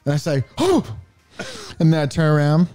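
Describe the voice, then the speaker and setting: A man co-hosting a comedy show, improvising a wild story and bursting into shouted character lines. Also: on the high side, very animated, normal speed, soft background music. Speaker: podcast co-host.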